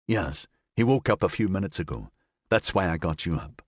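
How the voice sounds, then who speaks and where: A grieving young man, hurt and subdued, speaking softly and shakily, as the narrator plays him in an audiobook. The voice drops low and stays dry and close. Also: expressive, normal speed, husky, no echo. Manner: soft, shaky.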